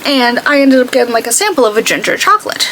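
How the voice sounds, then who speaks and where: A woman's voice: fairly high pitch, lively intonation, quick pace, fairly bright tone, a little hiss or hum, poor audio. A woman beauty vlogger chatting casually while she does her makeup, telling stories and acting out what other people said. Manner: chatty storytelling, acts out quoted people.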